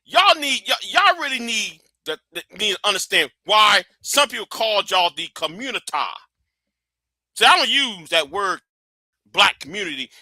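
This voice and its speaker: A man's voice: high-pitched, sing-song, normal speed, bright, forceful tone, dry recording. A man hosting a livestream, giving a blunt, profane and emphatic commentary rant. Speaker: livestream host.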